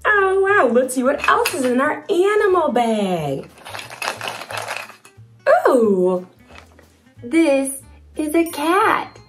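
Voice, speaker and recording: A young woman hosting a toddler video, talking slowly in a bouncy, playful sing-song with toy sound effects. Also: high voice, very animated, soft background music.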